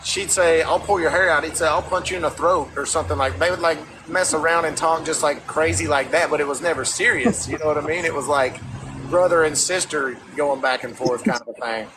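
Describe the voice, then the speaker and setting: A man's voice: on the high side, a little fast, noisy background. A man with a Southern US accent telling stories in a casual livestream chat, talking through a phone. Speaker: former reality show contestant.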